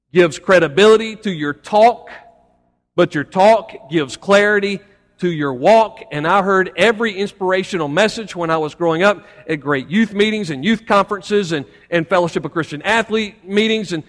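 A man preaching a Sunday sermon as pastor, building to emphatic points between folksy asides to the congregation. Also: high voice. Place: church sanctuary. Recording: long hall reverb.

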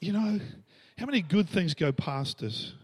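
Animated Australian male pastor. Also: high-pitched, measured pace, husky. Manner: animated, acts out quoted voices, laughs between lines. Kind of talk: storytelling sermon.

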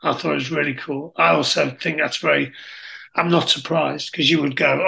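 A man hosting a casual podcast interview, friendly and quick to laugh. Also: on the high side, fairly even intonation, vocal fry, bright, forceful tone. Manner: friendly, laughs easily, asks rambling questions. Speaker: podcast host.

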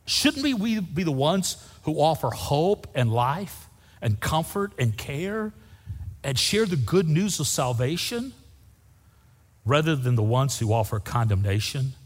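A man's voice: fairly high pitch, a bit bright, in a large hall. A man preaching a sermon as pastor, emphatic and repeating key phrases for effect.

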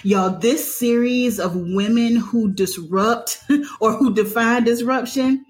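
A woman's voice: a little high, slow pace. Casting: woman podcast host, fervent and repetitive like a sermon. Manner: preacherly, repetitive, emotional. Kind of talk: enthusiastic podcast introduction.

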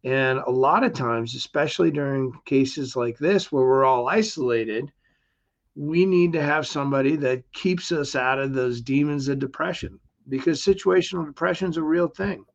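A man's voice: mid-range voice, moderate pace. Upbeat middle-aged man, muffled audio. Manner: upbeat and motivational, acts out quoted voices. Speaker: guest. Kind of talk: conversational interview.

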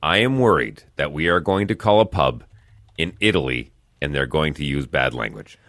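A man's voice: very deep voice, lively intonation, normal speed, fairly bright tone, dry recording, clean studio sound. A man hosting a morning radio show, joking around in a playful, theatrical way. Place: radio studio.

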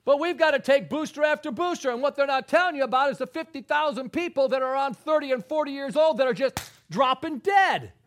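A man preaching a sermon, telling a folksy joking story, swinging between loud exclaiming and hushed soft delivery. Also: very high voice, animated, brisk, hardly any pauses. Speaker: pastor.

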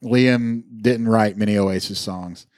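Low-voiced man telling rambling stories. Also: fairly even intonation, slow, a little mellow, no room sound, clean studio sound. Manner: rambling anecdotes with fillers and swearing. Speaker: podcast co-host. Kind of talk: casual chat, storytelling.

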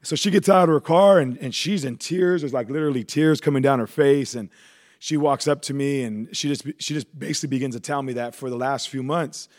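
Male guest, mid-pitched voice, casual storytelling with fillers. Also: brisk. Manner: relaxed, conversational, with frequent fillers. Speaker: guest sharing his testimony.

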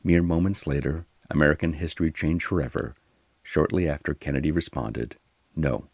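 Deep gravelly male podcast narrator. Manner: slow, measured storytelling delivery. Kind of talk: scripted narration.

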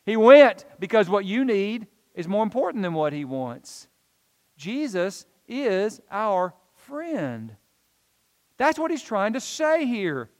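A man's voice: high-pitched, big pitch swings, takes it slowly, in a large hall. A male pastor preaching a sermon in an earnest, emphatic way, repeating key phrases.

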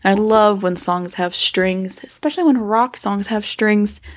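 A woman's voice: medium pitch, a little slow. A young woman and singer, casually analyzing a rock song in a vlog, chatty and gushing with lots of "like" and "kinda". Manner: chatty, upbeat, filler-heavy with "like" and "kinda"; enthusiastic, gushing about the singer. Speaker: music reviewer breaking down a song; singer herself.

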